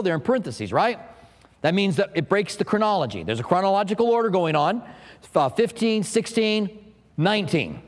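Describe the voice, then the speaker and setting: A man preaching a sermon as pastor, teaching with asides and light humor to the congregation. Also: fairly high pitch. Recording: long hall reverb.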